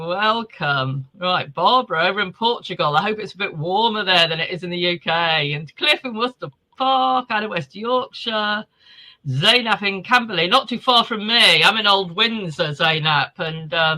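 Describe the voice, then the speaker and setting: A man's voice: high voice, bright, forceful tone, rough recording. A male host on a video call from home, chatting casually and greeting viewers by name before a virtual event. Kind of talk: casual live webinar welcome.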